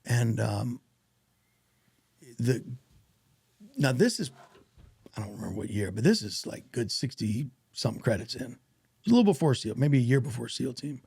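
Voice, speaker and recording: A man, an actor guest on a podcast, telling stories in a casual, animated way and acting out what others said. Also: mid-range voice, moderate pace, vocal fry, long pauses, slightly rough, no room sound. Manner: animated, acts out quoted voices. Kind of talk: casual storytelling interview.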